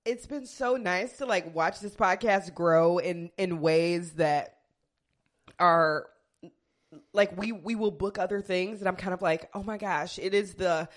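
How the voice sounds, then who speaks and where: A woman co-hosting a podcast, emotional and teary, speaking earnestly in a casual chat. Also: on the low side. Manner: emotional, earnest, quick bursts. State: tearful. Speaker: podcast co-host. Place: small home studio.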